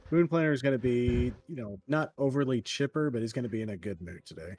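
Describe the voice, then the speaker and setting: A man's voice: mid-range voice, quick pace, darkish tone, no echo, faint music behind. A man playing in a tabletop game, casually describing his character's actions in the third person. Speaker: player.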